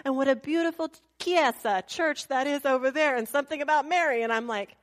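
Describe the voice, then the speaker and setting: A woman with a fairly high voice tells a travel story in a relaxed, animated way. She laughs often and imitates the people she meets. At times she drops into quiet, half-whispered asides. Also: brisk. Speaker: speaker telling a travel story. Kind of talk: casual storytelling talk.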